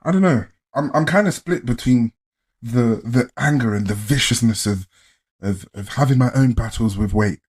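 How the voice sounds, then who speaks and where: A man's voice: medium pitch, moderate pace, darkish tone, breathy edge. A young man, co-hosting a podcast in casual chat, throwing in jokes and asides. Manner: joking, chuckling asides. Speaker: podcast co-host.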